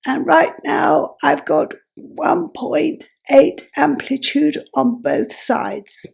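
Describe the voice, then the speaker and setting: A woman vlogger explaining step by step, her voice croaky and gravelly and breaking into breathy whispers, speaking in halting, self-correcting phrases. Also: high voice, animated, darkish tone. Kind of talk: explaining while adjusting a device.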